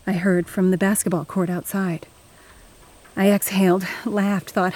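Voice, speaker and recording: A woman's voice: lowish voice, little pitch movement, normal speed, a little mellow, slight background noise. Wry, slangy woman audiobook narrator. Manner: slangy, wry, conversational teen voice. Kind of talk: first-person audiobook narration.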